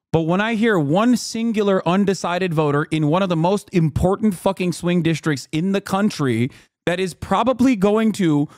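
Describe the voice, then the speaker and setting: A man in his thirties, a streamer reacting to a clip, ranting in exasperated, profane disbelief and shouting at times. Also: sits high, no room sound, studio quality. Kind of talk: angry ranting commentary.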